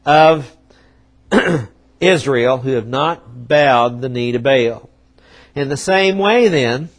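Emphatic preacher man, higher voice. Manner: emphatic preaching with dramatic pauses and shifts in loudness; acts out quoted prophets and God in conversational voice. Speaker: pastor. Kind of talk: sermon.

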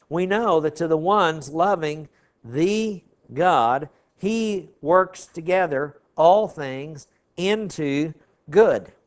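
Man, Bible class teacher, explaining verses, checks in often, clears his throat, slightly high voice.

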